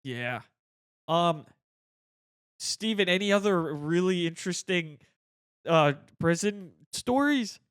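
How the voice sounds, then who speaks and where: A man hosting a casual podcast and asking a guest questions in a drawn-out way. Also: sits high, animated, fairly bright tone, clear, resonant tone, no echo, studio quality. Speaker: podcast host.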